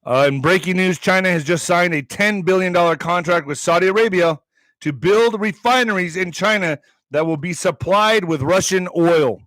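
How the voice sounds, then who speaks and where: A man's voice: sits high, moderate pace, a bit bright, no room sound. A man hosting a political commentary stream, reading headlines aloud and breaking into heated, profane, sarcastic asides. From Mexican heritage.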